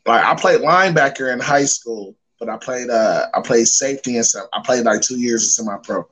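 A man telling stories as a podcast guest, animated and slangy in casual chat. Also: mid-range voice, fairly quick, slightly rough, low-quality recording.

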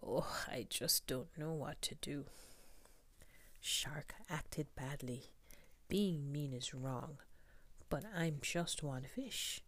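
A woman voicing a timid little male fish in a children's storybook reading, speaking softly, often half-whispered, close and dry. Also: low voice, slow pace, dry recording. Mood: worried.

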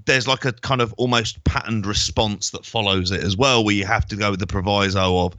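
A man co-hosting a wrestling podcast, giving wry, measured opinions in casual chat. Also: lowish voice, fairly even intonation, pushed and bright, no room sound. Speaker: podcast co-host.

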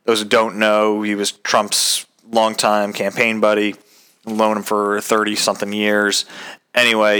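A man with a lowish voice hosts his own podcast, talking into his microphone. He rambles in a loose, unscripted rant, swearing freely and filling pauses with ums. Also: pushed and bright, clean tone. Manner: profane, rambling, frequent ums. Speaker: podcast host. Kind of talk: casual ranting monologue.

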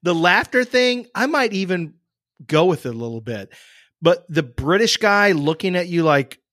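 A man's voice: high voice, sing-song, normal speed, fairly bright tone, no room sound, studio quality. A man hosting a podcast, chatting casually with teasing, rambling banter. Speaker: podcast host. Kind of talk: casual chat.

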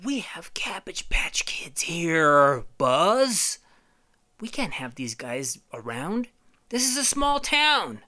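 A man voicing an anxious, suspicious adult male cowboy toy, talking in a high, fretful, hissing half-whisper. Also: very animated, slow pace, bright, forceful tone, exaggerated voice.

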